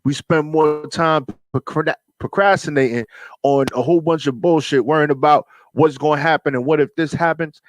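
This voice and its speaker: Laid-back New radio host. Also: male voice, a little high, steady tone, moderate pace, no echo. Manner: laid-back, preachy street slang. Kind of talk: casual radio talk.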